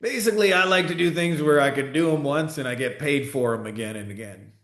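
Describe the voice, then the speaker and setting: A man voicing a wealthy, easygoing Southern businessman with a thick Southern US accent and a high drawl. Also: brisk, a bit bright, roomy sound. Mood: laid-back. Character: rich laid-back Southern businessman, easygoing.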